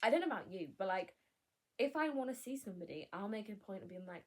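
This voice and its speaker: A woman's voice: medium pitch, animated, fast. A young woman vlogger chatting candidly, rambling and cutting herself off with laughs. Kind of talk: casual chat.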